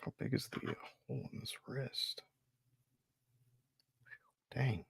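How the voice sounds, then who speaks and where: A man's voice: mid-range voice, expressive, slow, creaky, slightly rough, dry recording, in a whisper, clean studio sound. A man chatting casually on a livestream while making parts for a figure, sighing and complaining in a laid-back way. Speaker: co-host of a toy customizing livestream.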